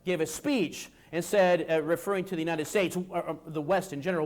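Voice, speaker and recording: A man giving an economics lecture, talking in an animated way and checking in with his listeners through rhetorical tag questions. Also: fairly high pitch, a little fast. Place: lecture at a seminar event.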